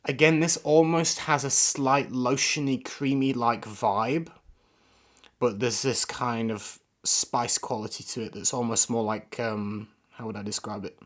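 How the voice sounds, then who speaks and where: Reviewing fragrances on a live stream, a man gives loose, rambling first impressions and regularly struggles to find words. He talks unhurriedly, in a medium pitch with fairly even intonation.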